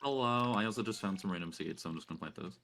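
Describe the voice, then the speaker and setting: Bright-toned joking man. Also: lowish voice, very fast. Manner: teasing, joking, mock-indignant. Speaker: co-player. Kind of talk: casual gaming chat.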